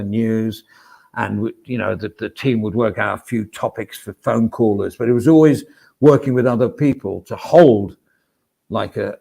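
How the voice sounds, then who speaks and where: Gravelly self-deprecating man. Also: fairly low pitch, a little mellow. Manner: chatty, with frequent fillers and asides. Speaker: livestreamer. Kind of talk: casual livestream chat.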